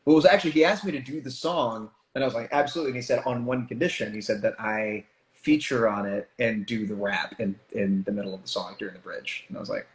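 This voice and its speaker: A man chatting as an interview guest, telling stories in an animated way with quick asides. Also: lowish voice. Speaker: guest, stage performer. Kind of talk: casual interview chat. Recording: echoey room.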